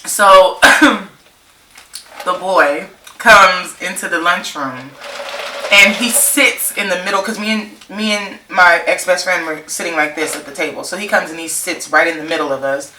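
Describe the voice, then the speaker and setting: Young female vlogger from California, laughing storyteller, slightly low voice in a roomy space. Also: unhurried, pushed and bright, distant mic. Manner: slangy, rambling, laughs often. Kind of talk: casual storytime chat. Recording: roomy, off-mic, faint noise.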